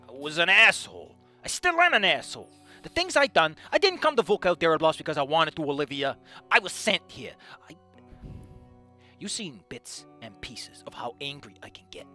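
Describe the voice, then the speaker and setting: A young man with a fairly high voice reads fan fiction aloud and rants about it. His reactions come in animated, exasperated bursts laced with swearing.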